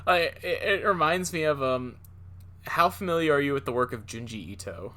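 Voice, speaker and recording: A man's voice: on the high side, expressive, normal speed, bright, forceful tone. A man co-hosting a casual podcast, talking in a rambling way with many fillers and restarts. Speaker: podcast co-host. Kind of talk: casual chat.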